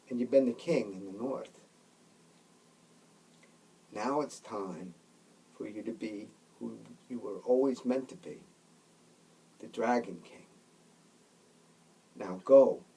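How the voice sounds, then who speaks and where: A man speaking as a solemn young male seer, delivering a prophecy with quiet weight. The voice is a touch husky and sits back from the microphone. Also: medium pitch, far from the mic, rough recording. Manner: grave, prophetic address.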